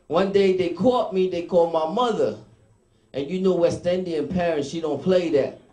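A man's voice: sits high, normal speed, warm tone, roomy sound. A man from Haiti doing a stand-up comedy set, chatty and loose, laughing at his own jokes.

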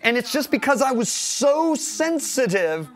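A middle-aged man teaching a sermon, who swings from loud emphatic preaching to soft, quiet confession and acts out his own quoted words. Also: very high voice, sing-song, unhurried.

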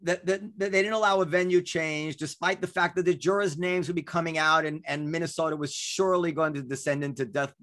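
Guy hosting a chat, kinda higher voice, stumbles into his questions. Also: fairly even intonation, a little fast, hardly any pauses, a bit bright, no room sound, studio quality. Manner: conversational, hesitant starts. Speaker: host. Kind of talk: casual conversation.

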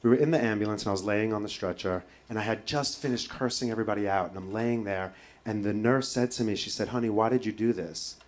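A male comedian telling a story on stage in an animated way, swearing freely and breaking into impressions. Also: on the low side, fast. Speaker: stand-up comedian. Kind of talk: stand-up storytelling. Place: stage before a live audience.

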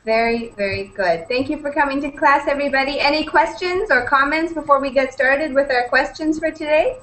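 A young teacher from British Columbia, Canada, talks fairly quickly in a high, fairly bright voice, the recording rough. Running an upbeat online English conversation class, she happily greets her students one after another.

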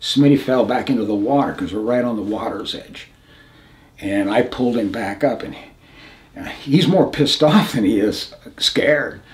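A man's voice: on the low side, expressive. Older American man recounting combat. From United States. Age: 70s. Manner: halting and plain-spoken, frequent restarts, drops to a hush at grim moments. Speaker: veteran interviewee. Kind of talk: recounting combat memories in an interview.

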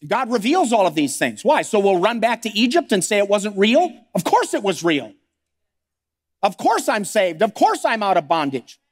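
A man's voice: high voice, long reverb tail. A man preaching a sermon as pastor, firing off rhetorical questions and acting out the voices of struggling believers. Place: church sanctuary.

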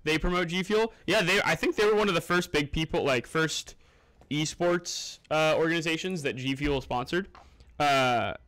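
A man's voice: a little high, normal speed, a bit bright. A young man streaming a game live, chatting casually and greeting viewers by name as he plays and eats. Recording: music playing underneath.

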